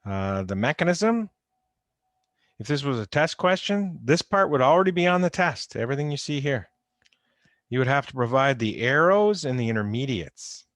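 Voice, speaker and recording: Over a video call from a home or office, a man teaches an online chemistry lecture through a computer microphone. His mid-range voice is a bit bright with no room sound, and he speaks conversationally, repeating key points and stressing warnings.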